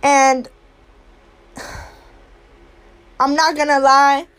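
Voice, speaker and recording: High-voiced young woman, heated and blunt. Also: little pitch movement, extremely slow, fairly bright tone. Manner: blunt, heated and profane, swinging between anger and weary sorrow. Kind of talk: impassioned monologue to camera.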